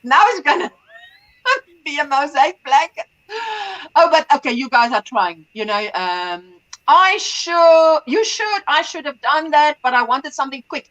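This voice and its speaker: A woman hosting a casual craft livestream, chatting warmly and greeting viewers by name. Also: sits high, lively intonation, unhurried, poor audio. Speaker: livestream host.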